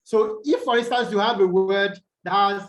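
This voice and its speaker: A man tutoring students over a video call, explaining slowly and quizzing them as he goes. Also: sits high, steady tone. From Nigeria. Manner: slow, deliberate, quizzes students. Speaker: English tutor. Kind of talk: online tutorial lesson.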